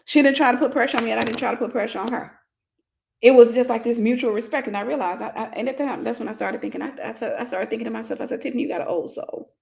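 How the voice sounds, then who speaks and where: A woman's voice: fairly high pitch, racing, creaky, a little mellow. A woman minister in her forties telling a personal story in a casual livestream sermon, greeting viewers by name.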